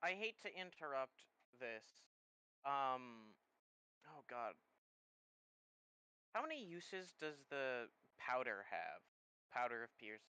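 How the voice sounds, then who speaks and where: A player in a tabletop game, speaking quickly and theorizing. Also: mid-range voice, very animated, pushed and bright, clear, resonant tone, no echo, rough recording. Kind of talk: casual tabletop play.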